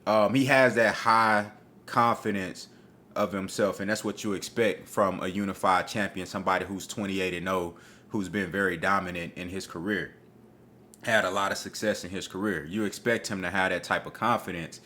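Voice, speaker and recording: A man's voice: sits low, normal speed, a little hiss or hum. A man giving his casual opinions on an upcoming boxing fight, talking with street slang and cursing freely. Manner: profane, animated, street slang. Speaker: boxing commentator.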